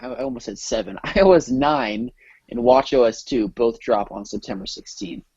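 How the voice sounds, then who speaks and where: A man's voice: mid-range voice, animated, normal speed, a little mellow, husky, no room sound, muffled recording. A man co-hosting a casual tech podcast, upbeat as he wraps up the episode and signs off. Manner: upbeat, opens and closes the show. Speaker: podcast co-host.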